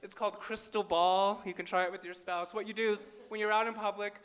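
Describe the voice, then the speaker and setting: A stand-up comedian from small-town Minnesota, a man whose voice sits high and rings bright and sharp. He lands his jokes with wry, self-deprecating timing, performing live on a festival stage into a handheld mic. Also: little pitch movement, fairly quick, smooth.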